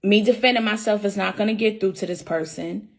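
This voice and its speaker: Talking fairly quickly in a mid-range voice, a young woman speaks right to her viewers about the suspension she got at work. Telling her own story as the employee, she's emotional and sincere, and she repeats herself while going through every point.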